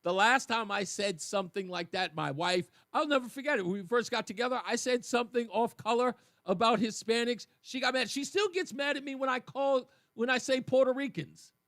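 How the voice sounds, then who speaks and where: A man hosting a talk radio show, giving animated commentary and acting out the voices of the people he quotes. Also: extremely high pitch, fairly quick, few pauses, dry recording, clean studio sound.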